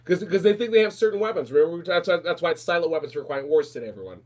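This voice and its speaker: A man's voice: a little high, animated, a little mellow. A man hosting a podcast, talking in a casual, emphatic rant that repeats its points. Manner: emphatic, repetitive, fast rants. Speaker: podcast host. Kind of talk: casual ranting talk.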